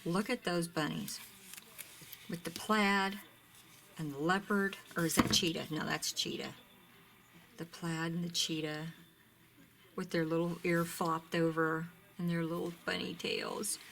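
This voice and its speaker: A chatty woman shows off craft ribbons, gushing over each one and often sinking into a near-whisper. Her voice sits a little low, and a faint room hum runs underneath. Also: steady tone, measured pace, pauses often, fairly bright tone. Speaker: craft shop owner showing ribbons. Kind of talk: casual product show-and-tell.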